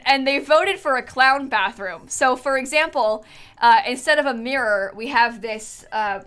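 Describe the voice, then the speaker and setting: A tired, yawning woman streamer chats casually as she builds in a game, her voice a little high with a sharp tone. She thinks out loud, using lots of fillers, giggling often and yawning from time to time.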